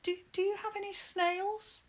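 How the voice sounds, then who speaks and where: A woman's voice: very high voice, level tone, measured pace, voice pushed up. A woman voicing a tiny, nearly blind male mole who stammers and frets, in a children's storybook reading. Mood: eager. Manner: stammering, earnest and fretful.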